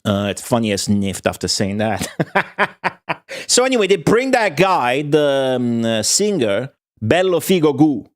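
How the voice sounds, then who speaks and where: A young man with a voice of ordinary middle pitch talks casually to his stream viewers. He rambles, swears freely and laughs his way through a long story. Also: big pitch swings, measured pace.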